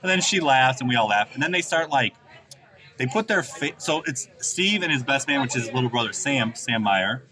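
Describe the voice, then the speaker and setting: A man's voice: mid-range voice, animated, fairly quick, pushed and bright. A man in his thirties, a podcast host telling a long story in casual chat, rambling and profane with lots of fillers. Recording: crowd chatter behind.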